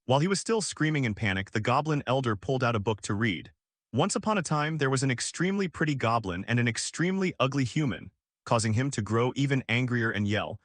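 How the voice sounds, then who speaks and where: Brief: male recap narrator, animated pitch, dry close sound. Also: a little fast, dry recording. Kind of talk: scripted story narration.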